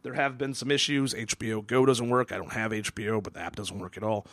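A man's voice: fairly low pitch, steady tone, quick pace, fairly bright tone, dry recording. A man hosting a casual podcast chat, rambling and swearing with many stammered restarts. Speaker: podcast host.

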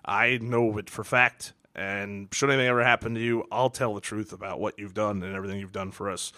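A man's voice: lowish voice, fairly even intonation, a little fast, sharp tone. A man hosting a podcast, ranting in a rambling, exasperated way with lots of restarts. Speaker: podcast host. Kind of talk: casual monologue.

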